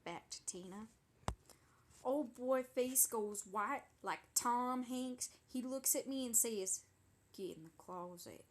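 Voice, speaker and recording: Brief: sassy young woman voiced by a woman, gossipy and indignant, a touch high-pitched, comedy monologue. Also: takes it slowly, a little hiss or hum. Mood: dramatic gossip. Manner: breathless, indignant, gossipy storytelling. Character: sassy dramatic young woman telling a wild story.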